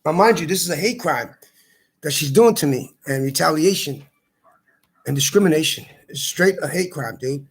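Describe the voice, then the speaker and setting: A man's voice: a little high, lively intonation, moderate pace, breathy edge. An older man ranting angrily to the camera, heated and profane, repeating himself as he tells it. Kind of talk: angry rant to camera.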